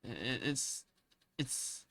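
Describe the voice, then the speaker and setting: A man's voice: slow pace, bright, forceful tone, no echo. A man streamer in casual live chat, talking hesitantly with stammers and restarts as he searches for words. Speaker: art streamer.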